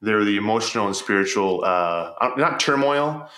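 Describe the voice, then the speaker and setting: A man's voice: fairly low pitch, animated, normal speed, fairly bright tone, echoey room. A man telling stories as a podcast guest, earnest and reflective, often repeating words as he starts a thought. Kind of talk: storytelling in conversation.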